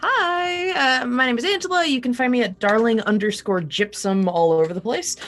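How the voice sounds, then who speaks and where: A woman's voice: fairly high pitch, normal speed, a bit bright. A woman casually introducing herself and her character before a tabletop game, friendly with wry asides. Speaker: player.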